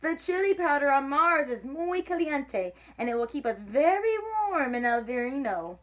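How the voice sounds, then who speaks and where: A woman's voice: high voice, very animated, normal speed, pitched above the performer's own voice. Woman doing a confident chihuahua leader. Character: biggest of a gang of little male chihuahuas. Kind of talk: storybook read-aloud.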